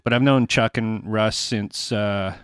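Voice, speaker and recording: A Canadian man hosts a casual chat with a bright, forward voice, chatty and agreeable. The sound is close and dry, with no room around him. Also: fairly low pitch, fairly even intonation, takes it slowly, clear, resonant tone, no room sound. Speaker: podcast host.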